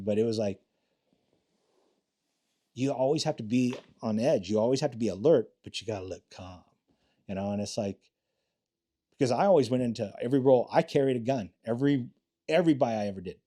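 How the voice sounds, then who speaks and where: A man's voice: mid-range voice, animated, a little fast, long pauses, dark tone. A middle-aged man, a retired detective, telling stories bluntly and with profanity in a casual interview. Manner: blunt and profane, acts out quotes in other voices. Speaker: retired homicide detective, podcast guest.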